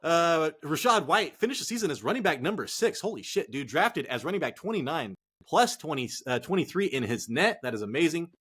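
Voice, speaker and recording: A man hosting a sports podcast, talking in an excitable, casual way, swearing often and calling listeners "dude" and "man". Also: fairly high pitch, a little fast, breathy edge. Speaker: podcast host.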